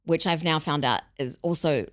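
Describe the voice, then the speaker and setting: A woman's voice: deep voice, moderate pace. A woman co-hosting a casual chat podcast, blunt and sweary, acting out little scenes as she talks. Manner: blunt, sweary, animated storytelling. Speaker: podcast co-host.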